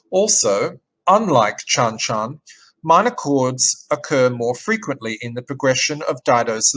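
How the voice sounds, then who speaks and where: A man reading a written music analysis aloud in an even, measured way, as a teacher. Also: medium pitch, poor audio. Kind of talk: read-aloud academic narration.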